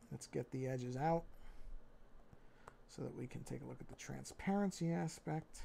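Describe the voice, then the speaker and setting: A man with a gravelly, mellow voice chats casually while he draws on a livestream. He talks half to himself, correcting course mid-sentence and mumbling with his head down, a little off the mic. A faint hiss sits behind him. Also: mid-range voice. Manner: thinks aloud, rambling and self-correcting. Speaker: artist streaming his drawing. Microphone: fixed mic while head faces down at a tablet.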